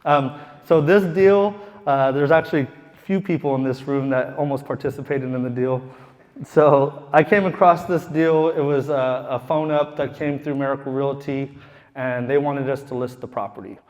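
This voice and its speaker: A man's voice: mid-range voice, steady tone, moderate pace, darkish tone. A man who is a real estate investor tells a casual, profane story to a live audience in a room, laughing as he goes. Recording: long hall reverb.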